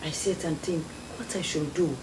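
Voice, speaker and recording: A young Sierra Leonean woman, a former beauty queen, tells her story as a guest in a storytelling interview, acting out the voices of people she quotes. Her voice is low and darkish in tone, at a moderate pace. The studio is echoey, with faint noise.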